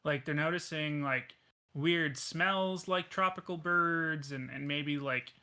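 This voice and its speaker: Dude doing a huffy self-important reporter, stammers, bright voice. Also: male voice, on the high side, slow pace, exaggerated voice. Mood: indignant. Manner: indignant, stammering. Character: pompous male investigative journalist.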